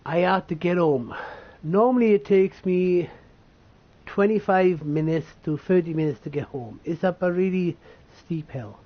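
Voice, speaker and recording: A man from the United Kingdom telling a painful personal story, halting, tearful and swearing as he talks. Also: high voice, lo-fi sound. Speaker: vlogger.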